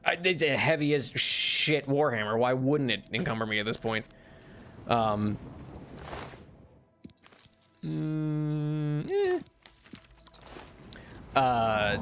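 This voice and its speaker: A man's voice: medium pitch, a little hiss or hum. A man chatting casually while streaming a game, rambling with lots of fillers and restarts, laughing often and yelping at mishaps. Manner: yelps loudly at in-game mishaps. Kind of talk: casual live-stream chat. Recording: background game music.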